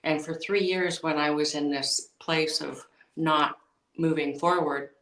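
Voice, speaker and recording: A woman with a fairly low voice tells a painful personal story on a podcast, quoting the dialogue as she goes. She sits a little back from the mic, and the room around her sounds hollow and echoey. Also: fairly even intonation, a little slow, fairly bright tone, far from the mic. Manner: emotional, recounting with quoted dialogue. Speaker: podcast guest.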